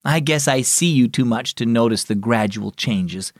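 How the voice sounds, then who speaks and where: A man's voice: medium pitch, animated, moderate pace, no echo, studio quality, natural voice. A man voicing a comforting mother tucking her son in, in a children's storybook reading. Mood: tender. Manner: soft, comforting. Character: tender, reassuring mother.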